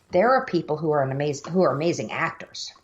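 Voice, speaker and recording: A woman's voice: low-pitched, fairly quick, lo-fi sound. A woman co-hosting a podcast in casual chat, talkative and self-deprecating. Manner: chatty, self-deprecating, laughs easily. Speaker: podcast co-host.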